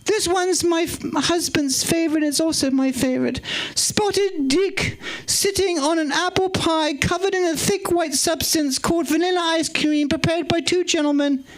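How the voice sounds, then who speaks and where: A man putting on an impression of a haughty, regal elderly queen in a mock-posh voice during a stand-up set. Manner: shrill, drawn-out, mock-posh.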